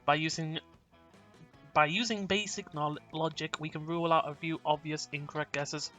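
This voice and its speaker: Bright-voiced man reading a game aloud. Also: on the high side, steady tone, moderate pace, faint music behind. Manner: playful, laughs often, trips over words. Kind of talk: casual game narration.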